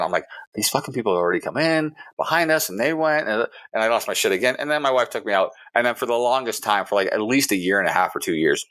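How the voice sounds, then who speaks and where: Low-voiced man telling a heated story. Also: a bit bright. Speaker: podcast co-host. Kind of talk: casual podcast chat.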